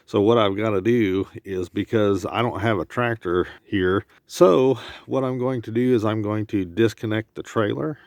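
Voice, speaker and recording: A middle-aged homesteader vlogger with a fairly low, darkish voice and some vocal fry rambles through his farm chores outdoors at normal speed, barely pausing and using lots of fillers. There's no echo, but the handheld camera audio is noisy, with animals and a vehicle audible.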